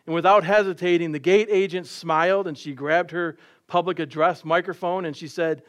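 A man's voice: fairly high pitch, fairly even intonation, normal speed, hardly any pauses. A middle-aged man preaching a sermon, telling stories with light laughs and playful quoted voices.

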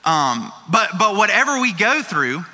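A pastor delivers a sermon in a relaxed, chatty way, with playful asides. His voice sits high and rings very bright. The sound carries the long reverb of a large church hall. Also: unhurried. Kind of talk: conversational sermon.

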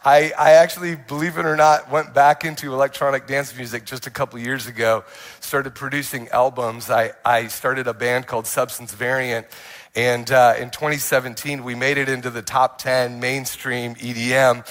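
A young adult male pastor telling his testimony in a sermon, animated and full of restarts and quoted asides. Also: medium pitch, moderate pace.

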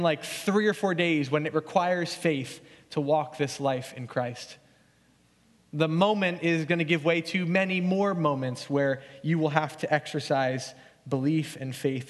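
Earnest preaching man in a reverberant hall. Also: a little high. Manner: earnest, conversational preaching that drops soft for scripture. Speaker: pastor. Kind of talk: sermon.

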